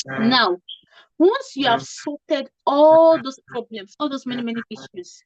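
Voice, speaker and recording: A woman's voice: high-pitched, a little slow, dull audio, slight background noise. A woman from Nigeria giving informal interview advice to nurses, emphatic and repeating her points with frequent "okay?" checks. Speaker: career coach for nurses.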